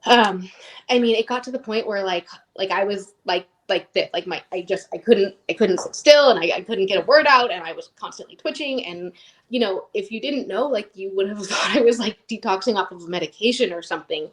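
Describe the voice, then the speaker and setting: A woman's voice: mid-range voice, fairly quick, fairly bright tone. A woman in her thirties telling her personal story as an interview guest, rambling and emotionally open with lots of "like".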